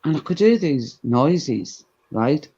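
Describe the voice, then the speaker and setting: A woman telling a gossipy anecdote in a casual chat, animated and full of asides. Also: low voice, slow, breathy edge. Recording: dull lo-fi recording.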